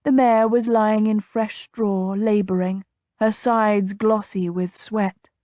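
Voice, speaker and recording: A woman narrating a historical romance audiobook in a measured, even storytelling manner. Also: medium pitch, no room sound, studio quality.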